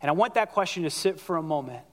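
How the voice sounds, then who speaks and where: Male pastor, higher voice, chatty animated sermon delivery in a reverberant church hall. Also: fast. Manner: animated, conversational, acts out quoted voices.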